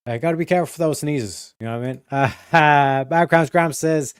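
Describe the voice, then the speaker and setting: A man's voice: mid-range voice, normal speed, smooth, no room sound, studio quality. A man from Europe hosting a live stream, rambling, swearing a lot and reading chat messages aloud. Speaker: livestream host.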